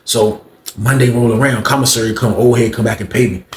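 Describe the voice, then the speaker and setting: A man telling a story casually, animated and slangy, acting out the quotes. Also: medium pitch, a little fast, a little hiss or hum. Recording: roomy echo with faint ambience.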